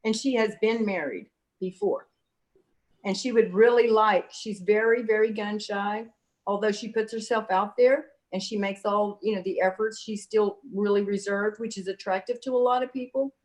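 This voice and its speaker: A woman's voice: medium pitch, fairly even intonation, moderate pace, darkish tone. Chatty woman giving psychic readings. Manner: chatty and motherly, calls the viewer honey. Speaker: psychic reader. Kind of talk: casual livestream reading chat.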